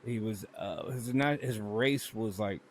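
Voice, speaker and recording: A man's voice: lowish voice, a little slow, crowd noise. A man co-hosting a podcast, telling stories in a loose, profane, joking way. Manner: profane, storytelling, laughs often. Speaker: podcast co-host. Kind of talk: casual chat.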